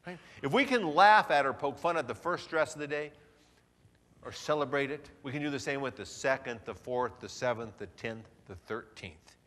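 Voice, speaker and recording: A man's voice: medium pitch, moderate pace, fairly bright tone. A man giving a motivational seminar talk in a large hotel hall, playful and theatrical. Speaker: seminar speaker. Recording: reverberant hall.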